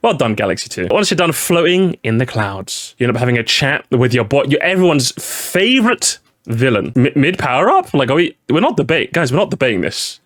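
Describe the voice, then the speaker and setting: A young man streaming as he ranks video game music, excitable and sarcastic, with frequent swearing. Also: mid-range voice, a little fast.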